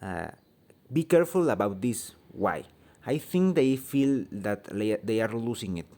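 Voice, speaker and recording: Halting Mexican-accented man, low mellow voice. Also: expressive. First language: Spanish. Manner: halting, searching for words, many ums; blunt, swears freely. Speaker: channel host. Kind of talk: opinion vlog rant.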